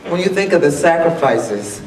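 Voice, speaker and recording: A woman, an Army officer called up by surprise, speaking emotionally and haltingly with many pauses. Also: deep voice, very animated, a little mellow, a little hiss or hum. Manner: halting, with fillers and restarts. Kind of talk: impromptu thank-you remarks. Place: large banquet hall. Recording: echoey hall, distant mic, crowd behind.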